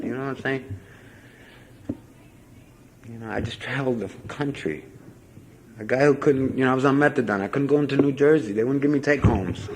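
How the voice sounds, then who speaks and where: A man's voice: mid-range voice, a little fast, pauses often, slight background noise, poor audio. A man giving a rambling, self-mocking personal testimony at a convention, full of "you know" fillers. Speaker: speaker sharing recovery story at a convention.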